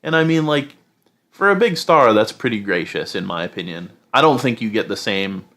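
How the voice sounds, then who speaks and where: A man's voice: fairly low pitch, expressive, normal speed, fairly bright tone. A man co-hosting a casual podcast chat, giving long rambling opinions full of fillers like "you know". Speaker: podcast co-host.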